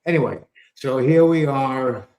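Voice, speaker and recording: A man's voice: mid-range voice, unhurried, darkish tone, roomy sound. A man hosting a live trading stream, giving casual market commentary in a rambling, wry way with loose asides and mild cursing. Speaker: trading show host. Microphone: earpiece with a microphone.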